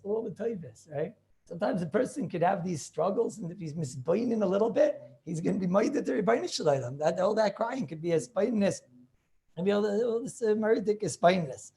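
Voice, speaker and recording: Over a video call, a rabbi in his forties leads a relaxed class, stressing ideas by repeating them and asking rhetorical questions. His high-pitched voice is creaky and darkish, expressive and fairly quick. There's a faint hiss or hum.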